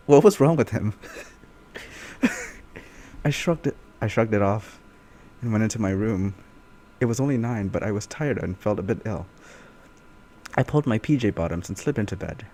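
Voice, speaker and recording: A man doing a comic read-through of fan fiction, animated and often breaking off to laugh and comment. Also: fairly low pitch, normal speed, pauses often. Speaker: YouTuber reading fan fiction. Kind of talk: comic reading with live reactions.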